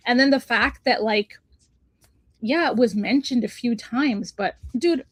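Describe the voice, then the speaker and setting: A woman's voice: fairly high pitch, measured pace, no echo. A woman in a casual book club chat on a video call, talking animatedly and saying "like" often. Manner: animated, uses like a lot, laughs easily.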